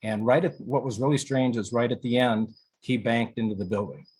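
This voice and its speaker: A man's voice: medium pitch, fairly quick, a little mellow, husky. A man from North Iowa telling an eyewitness story in an interview, acting out the voices of the people he quotes. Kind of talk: recounting a personal story.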